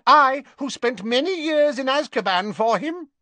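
A man voicing a fanatical witch who shrieks and jeers in a passionate, shrill voice. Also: big pitch swings, measured pace, no room sound. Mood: fanatical fury.

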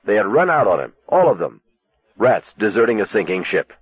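A man's voice: fairly low pitch, very animated, a little fast, breathy edge, dry recording. A man narrating an audiobook expressively. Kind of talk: scripted narration. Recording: tinny, dry lo-fi cassette audiobook.

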